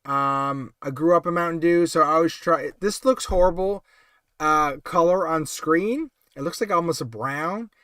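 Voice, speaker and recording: Bright, high-voiced man hosting a live stream. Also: moderate pace, smooth, no room sound, clean studio sound. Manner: thinks aloud, reads chat comments, many fillers. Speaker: livestream host. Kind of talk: casual live-stream chat.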